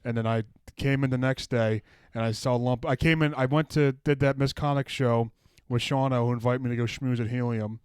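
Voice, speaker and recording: A man's voice: mid-range voice, steady tone, brisk, a little mellow, clear, resonant tone, no room sound. A young man co-hosting a comedy podcast, laid-back and storytelling in casual chat. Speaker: podcast co-host.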